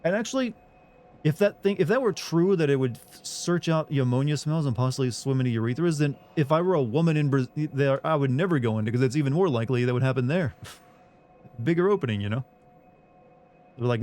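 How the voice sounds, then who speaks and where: A man's voice: mid-range voice, brisk, pauses often, darkish tone. Sarcastic man ranting to his stream chat. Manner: incredulous and sarcastic, swearing freely, arguing with chat. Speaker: game streamer. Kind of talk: casual live-stream chat with viewers.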